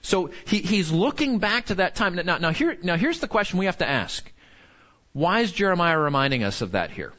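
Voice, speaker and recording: Pastor guy, kinda high voice, earnest, keeps asking the room questions, lo-fi sound. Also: very animated, moderate pace, pushed and bright. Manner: earnest, asks the group questions, many restarts. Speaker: pastor teaching a Bible study. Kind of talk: conversational sermon.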